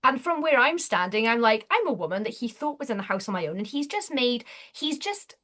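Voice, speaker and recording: Chatty woman guest, fairly high voice. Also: fairly quick. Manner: chatty, animated storytelling with frequent restarts. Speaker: author guest. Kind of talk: casual interview chat.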